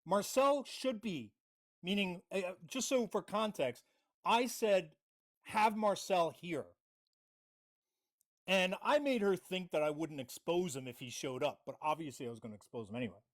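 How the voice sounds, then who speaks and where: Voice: mid-range voice, animated, normal speed. A livestream host giving confrontational commentary, reading out messages and mocking the other side. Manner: reads out chat messages.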